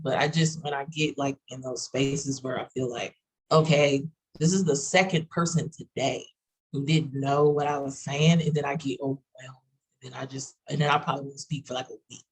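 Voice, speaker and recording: A woman with a Texas accent, talking quickly with lots of fillers in a casual group video chat. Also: low-pitched, breathy edge, poor audio. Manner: fast-talking, fillers and run-on sentences. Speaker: roundtable participant.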